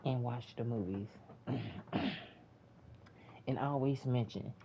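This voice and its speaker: A man's voice: mid-range voice, takes it slowly. A man giving a profane, repetitive, exasperated casual movie review rant in a lo-fi home recording. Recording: dull lo-fi with faint hiss.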